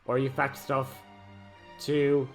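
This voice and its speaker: A man comments on his gameplay in a rambling, jokey and excitable way. Faint music plays softly in the background. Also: medium pitch, slow pace. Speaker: let's play host.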